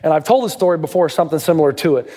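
A fairly high-voiced middle-aged man preaches with lively, theatrical storytelling, his voice ringing through a long hall reverb. He grew up in Tennessee and spins family tales into sermon points. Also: racing. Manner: dramatic storytelling, pitch leaping up in quoted voices. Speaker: pastor.

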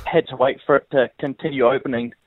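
A man's voice: mid-range voice, steady tone, fast talker, no echo. A man calling in to a radio show, telling an embarrassing story hesitantly over the phone. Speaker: caller, then bar staff on phone. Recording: tinny phone line.

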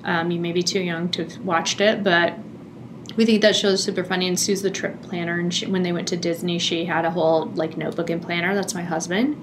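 A middle-aged woman telling a personal family story in a chatty, animated way, laughing often. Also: fairly low pitch, brisk, background noise. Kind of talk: casual storytelling.

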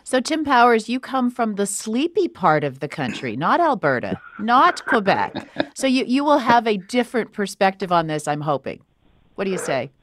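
A woman's voice: medium pitch, big pitch swings, moderate pace, no room sound. A woman hosting a radio panel, moderating with a light, teasing manner. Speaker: radio host.

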